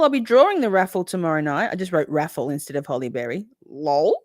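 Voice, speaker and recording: Woman, low voice, live-stream host, chatty and sweary, dry close mic. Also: lively intonation, brisk, few pauses, no room sound. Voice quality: swears freely, emotional and chatty. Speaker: livestream host reading chat. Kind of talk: casual live-stream chat.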